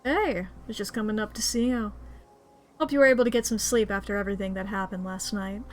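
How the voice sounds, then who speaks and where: A woman reads in the role of a friendly young townsperson, her medium-pitched voice close to everyday speech. She speaks a little fast with fairly even intonation, and faint music plays behind her.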